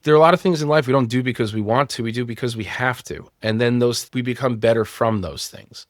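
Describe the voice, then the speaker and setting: A man's voice: medium pitch, fast talker, no room sound, studio quality. A man in his thirties, a company founder, telling personal stories frankly and swearing freely in a candid podcast conversation. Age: 30s.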